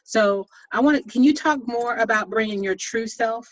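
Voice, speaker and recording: An interview host speaking casually, halting with many restarts and affirming "mm-hmm"s. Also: mid-range voice, dry recording. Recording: dry, slightly dull lo-fi sound.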